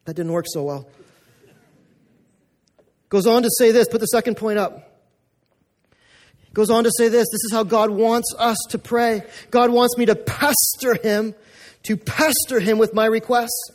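Male pastor, high voice, chatty sermon delivery, repeats for emphasis. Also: measured pace, long pauses. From North America. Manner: conversational, repetitive, emphatic.

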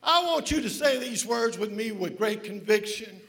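A man preaching a sermon to a church, moving from hushed storytelling into shouted, sing-song preaching. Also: high voice, expressive, moderate pace, vocal fry, hardly any pauses. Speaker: pastor. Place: church with congregation.

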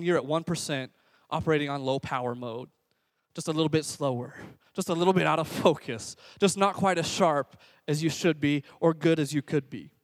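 A man with a high-pitched voice preaching an energetic sermon as a youth pastor. He exhorts the congregation and leads them in call-and-response. The sound is dry and close. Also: dry recording. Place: church service before a congregation.

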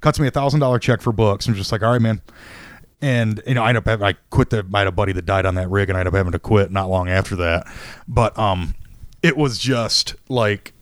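A man's voice: lowish voice, fast, no echo. A man in his thirties, co-hosting a casual podcast and telling stories animatedly with plenty of swearing. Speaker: podcast co-host. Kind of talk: casual chat.

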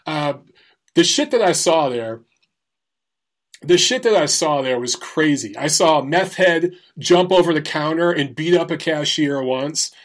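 A man's voice: fairly high pitch, expressive, unhurried. A man telling crude job stories in a casual, profane way, often laughing through the punchlines. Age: adult, former Marine. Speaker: storyteller. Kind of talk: casual storytelling.

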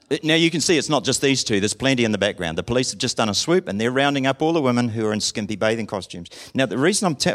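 A man preaching a sermon in a conversational way, asking the congregation questions and acting out short dialogues. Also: mid-range voice. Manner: acts out short dialogues in different voices. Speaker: pastor.

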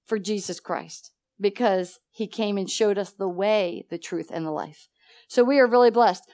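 A woman teaching a church Bible study with animated energy, laughing often and acting out conversations. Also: medium pitch, moderate pace. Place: church meeting room.

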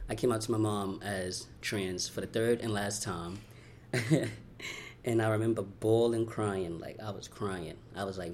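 A young man from Brooklyn, telling his life story in an interview, candid and heartfelt, talking in quick runs with lots of "you know" and "like.". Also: fairly low pitch, a little mellow. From Brooklyn, New York. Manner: candid, fast-flowing, heartfelt, many "you know" and "like" fillers. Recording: faint background noise.

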